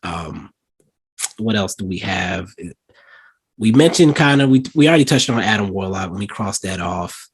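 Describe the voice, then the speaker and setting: Husky-voiced man chatting casually. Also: on the low side, moderate pace. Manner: animated storytelling, acts out lines in quotes. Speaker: podcast co-host. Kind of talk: casual chat.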